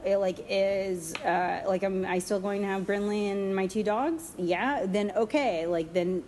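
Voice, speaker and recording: A woman's voice: medium pitch, fairly even intonation, measured pace, few pauses, darkish tone, a little hiss or hum. Giggly rambling woman guest. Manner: giggly, self-deprecating, many fillers and restarts. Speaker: interview guest. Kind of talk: casual interview chat.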